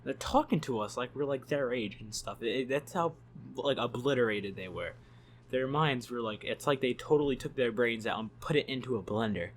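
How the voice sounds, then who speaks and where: A man's voice: mid-range voice, animated, a little fast. Rambling, profane male storyteller. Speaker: YouTube storyteller. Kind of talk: casual storytelling vlog.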